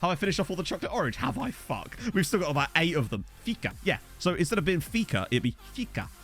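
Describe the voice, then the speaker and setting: A man streaming a football management game, rambling and riffing with his chat between excitable outbursts. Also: a little high, racing, faint music behind.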